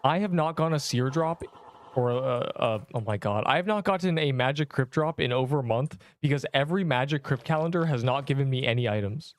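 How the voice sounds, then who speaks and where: A man with a mid-range voice talks fairly quickly while live-streaming an online game. He chats playfully with his viewers, reacts to the chat, and jokes at his own expense in a self-mocking way.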